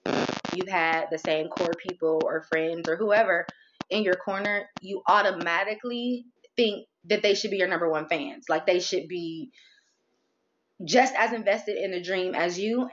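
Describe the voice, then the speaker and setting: A woman talking candidly about faith and frustration, animated and expressive, acting out her inner dialogue. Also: lowish voice, a little slow, highs cut off. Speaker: guest, merch business owner.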